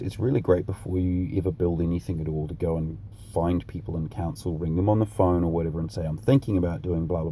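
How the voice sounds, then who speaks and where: A man's voice: low-pitched, warm tone, slight background noise. A New Zealand man with a blunt, sweary, laid-back way of talking, ranting casually in a vlog. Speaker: vlogger.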